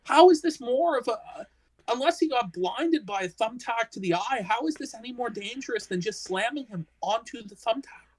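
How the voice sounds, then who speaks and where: A woman's voice: fairly high pitch, lively intonation, moderate pace, breathy edge, low-quality recording. A woman co-hosting a casual wrestling discussion stream, ranting with heavy swearing and exasperation. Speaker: podcast co-host.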